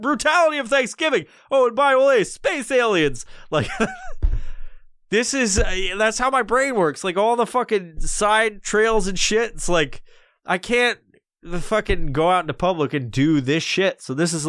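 A man's voice: medium pitch, a bit bright, smooth, no room sound, clean studio sound. Profane rambling male podcast host. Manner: profane, rambling, loose and jokey. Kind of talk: solo podcast monologue. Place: recording alone.

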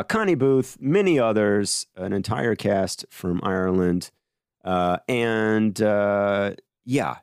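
Male podcast host, playful and bantering, lower voice, dry close recording. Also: creaky, a little mellow, clear, resonant tone, dry recording. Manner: playful, role-plays a studio mogul. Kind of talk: casual chat about films.

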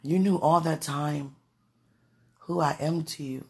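Woman vlogger, gravelly and gushing, breaking into giggles and sudden exclamations while she talks to the camera and prays aloud. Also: sits low, fairly even intonation, slow, a little mellow. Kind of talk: casual talk to camera and prayer.

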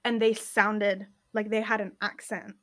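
A young woman co-hosting a podcast, talking in an animated, blunt way and swearing when annoyed. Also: medium pitch, a little slow. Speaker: podcast co-host. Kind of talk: casual chat.

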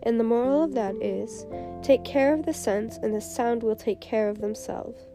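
A woman's voice: a little high, moderate pace, lightly acted. A woman reading as a moralizing fawning duchess. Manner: sententious, agreeable. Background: background music.

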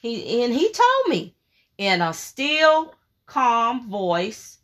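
A woman preacher delivers a sermon with fervent emphasis, leaning on repeated phrases. Her voice is bright and forceful, and she takes her time, stretching out her words. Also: on the high side, sing-song. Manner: reads scripture in a slow, measured cadence.

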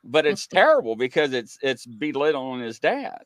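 A man hosts a relaxed chat show and tells stories with a lively voice that swings up and down. He breaks into sudden loud shouts now and then. The sound is dry and close. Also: mid-range voice, moderate pace, dry recording. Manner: animated, laughing storyteller with sudden loud outbursts. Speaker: host. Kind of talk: casual chat.

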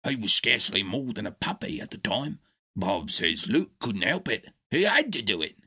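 A man voicing a loyal male dog in a storybook reading, husky, urgent and pleading. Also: on the low side, very animated, normal speed, pushed and bright, full character voice. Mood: earnest.

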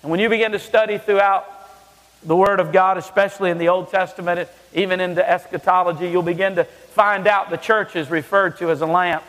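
A man's voice: high voice, steady tone, brisk, fairly bright tone, in a large hall, poor audio. A male pastor preaching a sermon emphatically, often restarting his phrases with stammered repeats.

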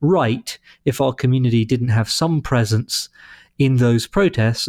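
A man in his thirties with an English accent, answering interview questions in a thoughtful, articulate, measured way. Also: mid-range voice, a little mellow, no room sound, studio quality. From London, England. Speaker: leader of a humanist congregation.

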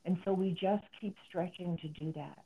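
A woman's voice: lowish voice, fairly even intonation, moderate pace, breathy edge. A middle-aged woman psychotherapist explaining as an interview guest, earnest and explanatory. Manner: earnest, explanatory, acts out quoted speech. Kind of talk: interview conversation. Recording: phone-like narrow sound.

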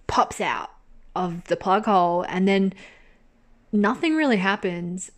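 Woman podcast host, casual drama-review monologue, chatty, sweary, laughs often. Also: mid-range voice.

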